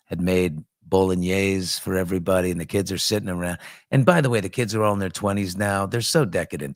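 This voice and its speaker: Fifties male host, animated raconteur with big pitch jumps, dry studio mic. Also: no room sound. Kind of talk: casual chat show storytelling.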